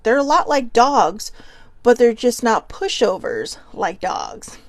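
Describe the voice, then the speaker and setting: A woman's voice: on the high side, very animated, takes it slowly, no echo. A woman hosting a casual self-help talk, chatty and goofy, laughing often and a little nervous. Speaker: podcast host.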